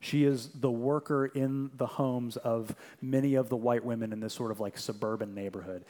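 A young adult man, a pastor with a mid-range voice, preaches a sermon. He alternates between quick, lively storytelling and quiet, slow, emphatic passages.

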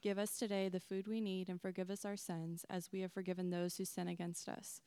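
A woman reads scripture in church in a low, flat, calm voice. Her tone is dark and gravelly, but the sound stays smooth. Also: a little fast. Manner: calm, even reading. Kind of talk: scripture reading.

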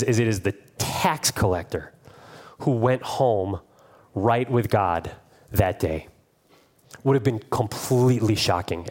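A man in his thirties, a pastor preaching a conversational sermon, retelling stories and acting out quotes. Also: lowish voice. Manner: storytelling, conversational, with playful acted quotes.

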